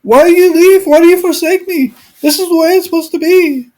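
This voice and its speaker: A man voicing a desperate old father pleading with his son to come back, in a high, wailing voice. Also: steady tone, fairly quick, darkish tone.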